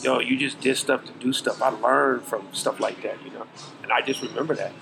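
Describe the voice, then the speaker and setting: A man's voice: medium pitch, steady tone, a little fast, gravelly, background noise. A middle-aged man, a podcast guest, giving earnest, preachy life advice in casual talk full of slang. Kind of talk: casual interview chat.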